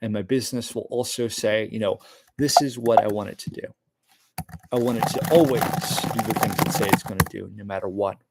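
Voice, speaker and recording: A man's voice: fairly low pitch, fairly even intonation, brisk, very noisy. A man talking in a casual, meandering monologue, full of fillers and restarts. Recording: loud keyboard typing in background.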